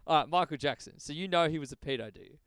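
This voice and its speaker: A man co-hosting a casual podcast chat, teasing and quick to interrupt. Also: fairly high pitch, animated, a bit bright, smooth, dry recording. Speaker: podcast co-host.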